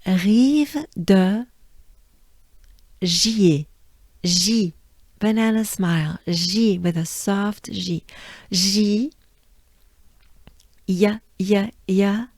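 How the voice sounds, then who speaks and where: A native French woman with a French accent leads a pronunciation drill. She speaks very slowly and repeats each sound patiently, coaching the listener to say it with her. Her voice is recorded dry, with no room sound. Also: medium pitch, fairly even intonation, a little mellow, dry recording. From France. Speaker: pronunciation teacher.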